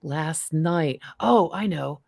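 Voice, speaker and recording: A woman's voice: low voice, slow pace, creaky, darkish tone, no room sound, studio quality. A middle-aged woman hosting a spiritual livestream, chatting casually and breaking into bits of song. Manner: chatty, bursts into snippets of song. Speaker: livestream host. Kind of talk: casual chat.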